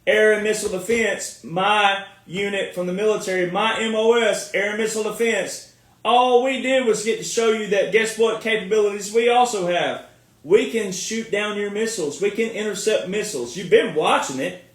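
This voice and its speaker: A man's voice: high-pitched, moderate pace. A man from the United States, a military veteran, giving a sarcastic, mocking commentary and often breaking into laughter. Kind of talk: ranting online commentary. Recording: echoey room, far from mic.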